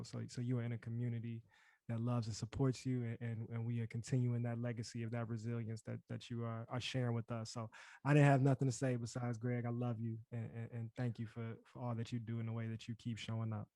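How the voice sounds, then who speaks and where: A man speaking softly at a panel, halting and repeating words as he talks. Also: medium pitch, little pitch movement, no room sound. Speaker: co-moderator. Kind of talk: panel conversation.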